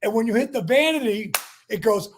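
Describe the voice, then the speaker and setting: A man in his sixties, a podcast guest telling a story in a lively, profane way with many fillers, acting out what people said. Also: high voice, fairly quick, a little hiss or hum. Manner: profane, acts out quotes, lots of fillers. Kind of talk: animated storytelling.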